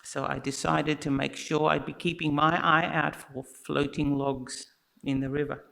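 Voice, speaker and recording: A speaker telling a story at a church service, in an unhurried, expressive way and talking straight to the listeners. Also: mid-range voice, vocal fry, poor audio. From Australia. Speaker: children's story teller at church.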